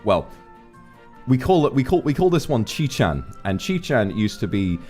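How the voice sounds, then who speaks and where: A man's voice: medium pitch, moderate pace. A man streaming, telling rambling, profane stories about his friends in a casual chat. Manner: rambling, profane, animated anecdotes. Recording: faint background music.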